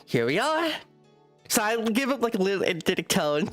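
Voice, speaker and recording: A woman streamer with a high-pitched voice, chatting casually and reading a game aloud, giggling often between lines. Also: sing-song, normal speed, faint music behind.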